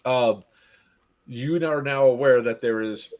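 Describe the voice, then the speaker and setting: A man recounting an airsoft-style event to friends in casual chat, laughing often and acting out what the players yelled. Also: medium pitch, fairly even intonation, slow. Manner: laughing storyteller, acts out players' lines. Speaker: event organizer recapping a game. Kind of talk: casual group chat recap.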